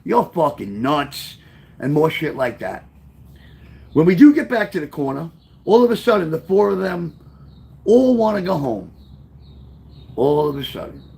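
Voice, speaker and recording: A man reading his own memoir aloud, telling the story with lively, offhand asides. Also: fairly high pitch, moderate pace, gravelly, long pauses. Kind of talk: first-person memoir storytelling.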